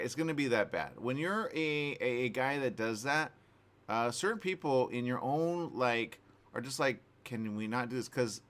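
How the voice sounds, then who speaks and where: A man hosting a morning radio talk show, chatting casually with lots of fillers and restarts. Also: mid-range voice. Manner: rambling, animated, many fillers and restarts. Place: radio studio.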